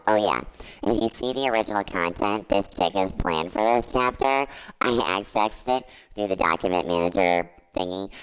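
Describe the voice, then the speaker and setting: A man's voice: deep voice, a bit bright, smooth, rough recording. A man giving a comedic dramatic reading, mock-earnest with wry asides. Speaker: guest reader.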